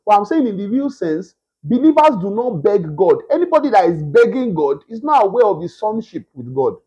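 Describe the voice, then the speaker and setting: A man preaching a sermon, emphatic and repetitive, with a husky voice. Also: sits high, sing-song, brisk, mellow, dull audio. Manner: emphatic, repetitive, mimics beggars in a whiny voice.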